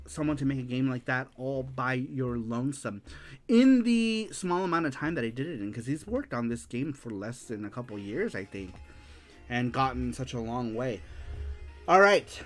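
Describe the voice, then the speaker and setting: A man's voice: mid-range voice, moderate pace, soft background music. A man hosting a casual retro game livestream, reading viewer answers aloud with frequent laughter. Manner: animated, laughs often, reads aloud.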